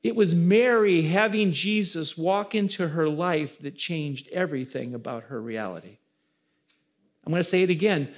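Male pastor, high voice, preaching with rising emphasis and questions to the room. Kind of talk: sermon.

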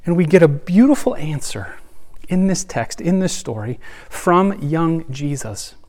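An earnest pastor in his thirties with a slightly higher voice delivers a sermon. He sinks into hushed, soft phrases and then climbs to forceful emphasis. His preaching keeps a steady, heartfelt pull. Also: measured pace. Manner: earnest, swings between soft hushed lines and rising emphasis.

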